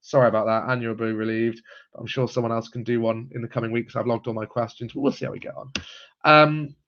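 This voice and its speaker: A man's voice: mid-range voice, steady tone, fast. A man hosting a live stream, chatting casually through viewer comments with frequent ums and chuckles. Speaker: host of a live genealogy stream. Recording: slightly muffled lo-fi audio.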